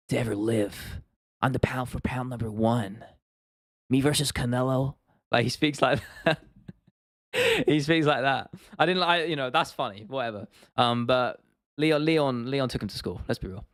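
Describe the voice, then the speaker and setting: With a medium-pitched, slightly bright voice, this young English livestream host reads chat comments and rambles casually, frequently restarting and laughing. The sound is clean and studio-grade, free of echo.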